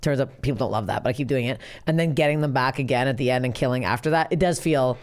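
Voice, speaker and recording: A woman's voice: a bass voice, fast. A woman hosting a comedy podcast, chatting casually and riffing crude jokes with frequent laughter. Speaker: podcast host.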